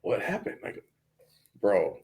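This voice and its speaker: A man, a comedian, telling stories in a casual comedy chat, animated and laughing through his lines. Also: measured pace, heavy background noise.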